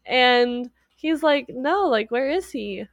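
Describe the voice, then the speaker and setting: A woman with a fairly high voice chats casually, retelling a movie and slipping into quoted lines of its characters. Her sound is dry and close, with no room around it. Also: slow pace, dry recording, muffled recording. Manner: animated retelling with quoted voices, frequent laughs. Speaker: podcast co-host. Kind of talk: casual chat recapping a movie.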